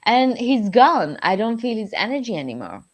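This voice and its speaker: A woman's voice: on the high side, sing-song, moderate pace. A woman guest telling a personal story, with grammar slips of a non-native speaker.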